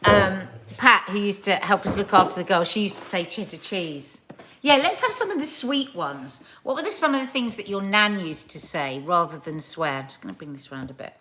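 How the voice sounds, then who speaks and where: Lady hosting a live chat, reads comments out with lots of playful over-the-top bits, mid-pitched voice. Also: animated, normal speed, bright, forceful tone, a little hiss or hum. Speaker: live-stream host reading viewer comments. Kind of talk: casual chat.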